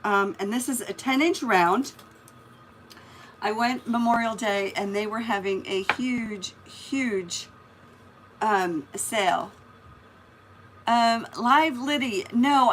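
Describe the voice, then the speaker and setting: A woman's voice: on the high side, fairly bright tone, a little hiss or hum. A woman hosting a casual live craft stream, chatting and greeting viewers by name as she works. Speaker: craft livestream host.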